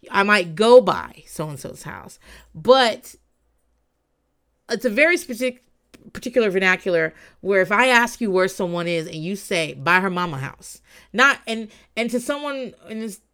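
A woman's voice: medium pitch, fairly bright tone, smooth. A woman hosting a podcast, giving casual, profane true-crime commentary full of laughing asides. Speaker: podcast host.

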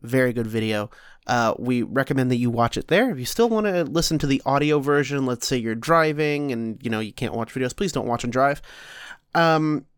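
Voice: mid-range voice, moderate pace, smooth, no room sound, clean studio sound. A podcast host talking in a laid-back, teasing way during casual comedic chat.

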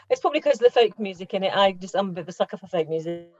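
A woman's voice: mid-range voice, lively intonation, fast, lo-fi sound. A woman reviewing a film in casual radio chat, talking freely and laughing often. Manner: chatty, laughs often, restarts.

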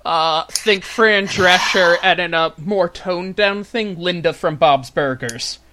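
Bright, high-voiced man explaining things. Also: slow pace. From New Jersey. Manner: explanatory, fills in background for listeners. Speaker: podcast co-host. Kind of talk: casual chat.

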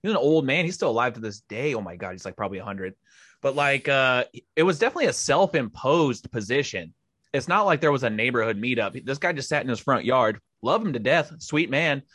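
A man's voice: mid-range voice, fairly quick, husky, no room sound, studio quality. A young man telling stories in casual chat, swearing freely and laughing often. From Boise, Idaho area. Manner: swears a lot, laughs often, animated storytelling.

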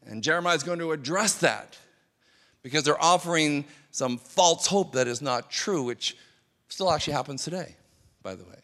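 A pastor with a fairly bright, higher-pitched voice preaches a sermon, earnest and conversational, often repeating words as he goes. The long reverb of a hall surrounds him.

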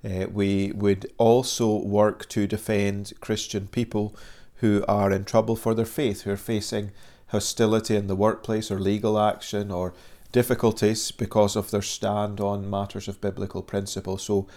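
A man in his forties from Scotland, with a Scottish accent tinged with Northern Irish, explaining the work of a Christian charity as a guest in steady, formal answers. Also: lowish voice, moderate pace. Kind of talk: measured interview answers.

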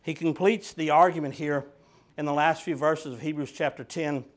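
A middle-aged man, preaching a sermon with animated swings from quiet talk to loud fervor. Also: a little high, normal speed.

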